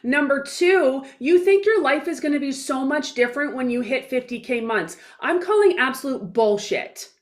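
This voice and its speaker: A woman's voice: high voice, expressive, normal speed, few pauses. A woman in her forties speaking as a guest in an interview, blunt and emphatic, with mild swearing and little acted-out dialogues in her stories. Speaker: guest speaker, business coach. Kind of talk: casual interview talk.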